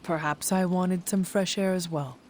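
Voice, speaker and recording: A man's voice: high voice, steady tone, moderate pace, natural voice. An actor playing a formal, dry-witted man with precise diction in a video game. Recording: game audio with faint music.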